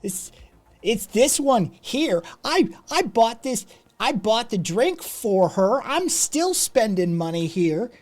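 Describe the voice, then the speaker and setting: A man's voice: on the high side, lively intonation, moderate pace, a little mellow. A man voicing a rude, entitled man who lectures a woman at a bar and rants indignantly when told off. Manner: condescending, ranting, indignant.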